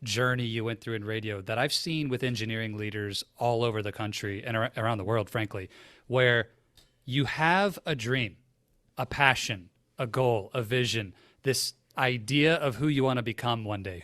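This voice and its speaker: A man's voice: mid-range voice, normal speed, a bit bright, no echo. A man hosting an interview podcast, asking earnest, reflective questions. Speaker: podcast host. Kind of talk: interview conversation.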